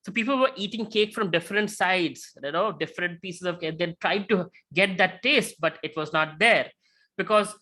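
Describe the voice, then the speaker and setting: A man giving a lecture with slides, talking conversationally and often checking in with a quick "right?". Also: high-pitched, bright, forceful tone. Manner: tells illustrative stories.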